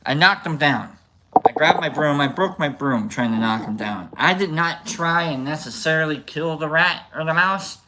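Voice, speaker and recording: A man hosting a livestream, telling a story casually to his chat in an animated, rambling way with restarts. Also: fairly high pitch, moderate pace, background noise. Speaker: livestream host.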